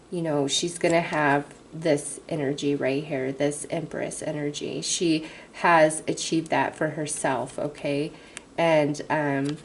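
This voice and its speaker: Low, slow-talking woman reading tarot. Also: darkish tone, a little hiss or hum, low-quality recording. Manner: halting, many fillers, becomes emotional. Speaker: tarot reader. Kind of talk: casual spiritual reading to viewers.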